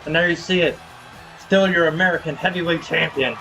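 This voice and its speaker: A man's voice: fairly high pitch, brisk, vocal fry, pushed and bright, soft background music. A man streaming a wrestling video game, calling the action play-by-play with casual slang. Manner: casual, hypes viewers with slang.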